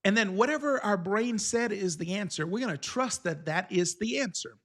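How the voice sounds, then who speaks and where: A man's voice: sits high, expressive, moderate pace, fairly bright tone. A man coaching a live online exam-prep class, teaching steps and often checking in with the viewers.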